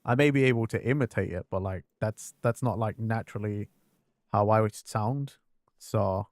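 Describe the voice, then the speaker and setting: A man's voice: lowish voice, normal speed, no echo, clean studio sound. Candid, foul-mouthed male streamer. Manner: candid, swears freely, laughs at himself. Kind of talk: casual live-stream chat over gameplay.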